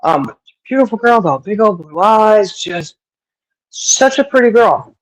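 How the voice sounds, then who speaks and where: Here a podcast co-host shares a laugh-filled story in easygoing conversation, with lively intonation and a measured pace. She sprinkles in Southern-style expressions and mimics people by lifting her pitch, all on a low-quality recording.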